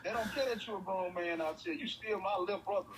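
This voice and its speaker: A man's voice: high-pitched, fast talker, a loud crowd, low-quality recording. A man co-hosting a casual podcast, teasing and laughing through his lines. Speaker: podcast co-host.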